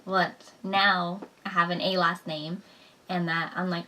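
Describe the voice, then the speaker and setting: A bright, clear young woman chats away with her husband, often laughing and slipping into quoted voices. She sits a little back from the microphone, so her voice carries some distance. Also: lowish voice, little pitch movement, measured pace. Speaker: vlogger talking with her husband. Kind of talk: casual chat.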